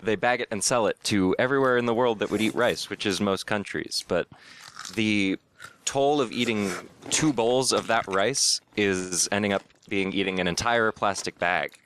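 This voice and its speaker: A man guesting on a casual podcast, explaining things in a deadpan, rambling way. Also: fairly low pitch, moderate pace, a little hiss or hum. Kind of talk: casual drunken chat.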